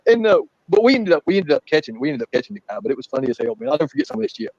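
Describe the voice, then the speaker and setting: A man's voice: sits high, big pitch swings, rapid-fire, vocal fry, hardly any pauses, darkish tone, husky, no room sound. A man, telling rambling, profane, laughing anecdotes in casual talk. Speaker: guest storyteller. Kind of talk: casual storytelling. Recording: muffled lo-fi audio.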